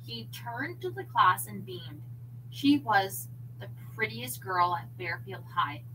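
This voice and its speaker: A woman reading a novel aloud on a livestream, expressive, with chatty asides to her viewers. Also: medium pitch, slow, slight background noise, low-quality recording. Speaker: audiobook reader.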